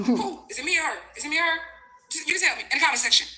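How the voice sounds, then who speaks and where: A woman's voice: high voice, animated, very fast, bright, forceful tone, reverberant, rough recording. A woman vlogger in a ranting storytime, reading out messages and swearing freely as she talks straight to her viewers.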